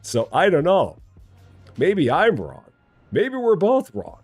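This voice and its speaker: A man in his forties streaming a game live, chatting with viewers in a lively, joking way at a desk mic. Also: on the high side, slow, slightly rough, faint music behind. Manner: lively, talking to chat, jokingly challenging; hums and scats while working. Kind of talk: live gameplay chat.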